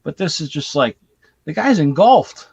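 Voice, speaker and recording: A man's voice: a little high, sing-song, moderate pace, gravelly, darkish tone, slightly rough, dry recording. A man hosting a casual movie chat, animatedly retelling scenes and swearing casually. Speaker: host. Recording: dull dry lo-fi recording.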